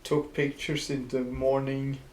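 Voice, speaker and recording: A man co-hosts a casual podcast and tells his story in a relaxed, halting way. His voice stays flat and even, and the room echoes noticeably. A faint noise hums behind him. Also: medium pitch. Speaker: podcast co-host. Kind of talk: casual chat.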